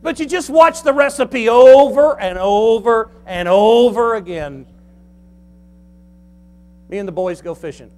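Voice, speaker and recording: A man's voice: very high-pitched, a little slow, pauses often, darkish tone. A middle-aged man, a pastor preaching a folksy, humorous sermon.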